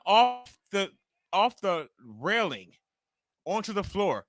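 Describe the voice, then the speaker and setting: A man in his forties hosting a wrestling watch-along live stream, reacting excitably and ranting with heavy swearing. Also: high voice, brisk, no room sound, clean studio sound. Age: 40s.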